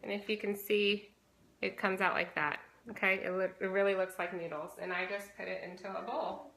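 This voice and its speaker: A woman's voice: mid-range voice, fairly even intonation, normal speed, gravelly, fairly bright tone, reverberant, low-quality recording. A woman giving a casual cooking demonstration in a home kitchen, explaining each step in a chatty way and checking in with "okay?". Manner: chatty, instructive, frequent "okay?" check-ins. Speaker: fitness challenge host.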